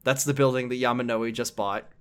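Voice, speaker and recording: A man's voice: medium pitch, fairly even intonation, fairly quick, clear, resonant tone. A man casually retelling a video game story with wry jokes, as a podcast co-host. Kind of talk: casual chat.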